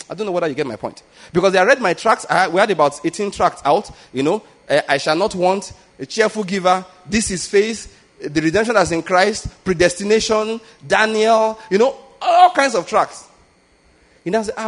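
A man's voice: high voice, animated, fairly quick. A middle-aged man with a Nigerian accent, preaching in a conversational teaching style and often checking that listeners follow him. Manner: conversational teaching, often asks if listeners get his point. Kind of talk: sermon.

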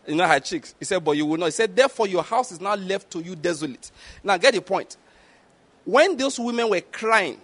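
Middle-aged preacher guy, high voice, keeps asking if you get his point, acts out the bible quotes. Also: a little fast. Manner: animated preaching with rhetorical questions and acted-out quotes. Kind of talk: sermon.

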